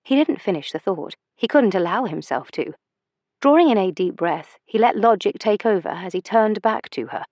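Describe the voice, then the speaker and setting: A woman narrating a historical romance audiobook in a measured, expressive storytelling manner. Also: lowish voice, no room sound.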